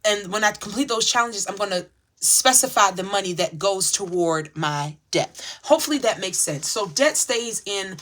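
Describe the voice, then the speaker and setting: A woman vlogging in a casual, chatty way, talking straight to her viewers. She turns emotional and dramatic as she sorts through her budget. Her tone is bright and forward. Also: medium pitch, expressive, moderate pace. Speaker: channel host sharing her budgeting routine. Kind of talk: casual chat to viewers while sorting cash envelopes.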